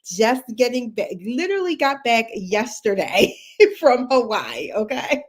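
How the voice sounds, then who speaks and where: A Texan woman with a slightly raised pitch talks in a casual livestream as a career coach. She is chatty and laughs often, and she greets viewers by name as she goes. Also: sing-song, slow pace. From Texas.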